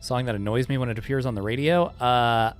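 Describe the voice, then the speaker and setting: A man's voice: mid-range voice, brisk, soft background music. Sarcastic man streaming a speedrun. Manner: sarcastic, joking, swears freely. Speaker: game streamer. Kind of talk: casual live-stream chat while speedrunning.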